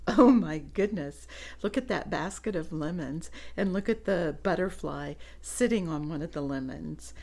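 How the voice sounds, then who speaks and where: A woman reading a picture book aloud to children, gently pointing out the pictures and laughing softly. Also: medium pitch.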